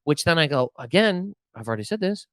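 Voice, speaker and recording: A man co-hosting a podcast in casual chat, rambling excitably with lots of restarts and swearing. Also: on the high side, fast talker, no echo. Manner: rambling, excitable, profane, stumbles over words. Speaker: podcast co-host.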